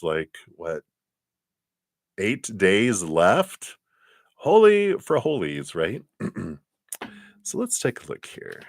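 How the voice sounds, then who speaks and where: A man giving live tarot readings in a gentle, meandering way, with many fillers and soft laughs. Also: low-pitched, gravelly, dry recording, studio quality. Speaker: tarot card reader.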